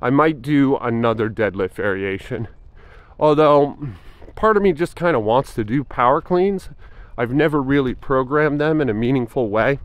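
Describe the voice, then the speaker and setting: A man's voice: mid-range voice, fairly bright tone, clear, resonant tone, no echo. A man in his forties talking casually in a fitness vlog, thinking aloud with frequent fillers and restarts. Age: 40s. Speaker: fitness vlogger.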